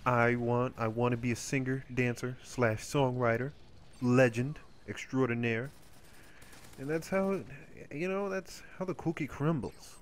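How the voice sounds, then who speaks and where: A man's voice: medium pitch, a little slow, slight background noise. Rambling, crude male gameplay commentator. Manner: rambling, crude, animated storytelling. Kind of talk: casual storytelling over gameplay.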